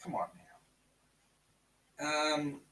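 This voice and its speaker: A man's voice: fairly high pitch, monotone, drawn-out words, sharp tone, far from the mic, low-quality recording. A man co-hosting a live chat stream, speaking with a South African-tinged Australian accent and reading out viewer comments. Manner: chatty, reads out viewer comments. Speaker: co-host.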